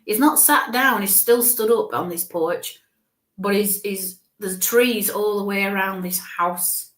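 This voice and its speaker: A woman's voice: medium pitch, a little slow, fairly bright tone, roomy sound. A woman giving a live mediumship reading as a psychic medium, thinking aloud with frequent halts and restarts.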